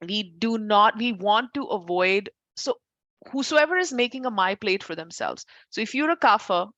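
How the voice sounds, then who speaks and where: In a muffled recording without echo, a woman with a medium-pitched voice teaches Ayurveda. Her talk is loose and chatty, full of mid-sentence corrections and warm comments aimed at her students.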